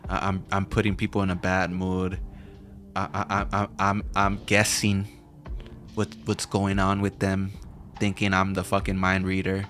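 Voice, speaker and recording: A man's voice: deep voice, completely flat delivery, normal speed, a bit bright, soft background music. A man hosting a podcast, telling a story in casual slang, laughing and mocking himself. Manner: laughing, slangy, self-mocking, many restarts. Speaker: podcast host.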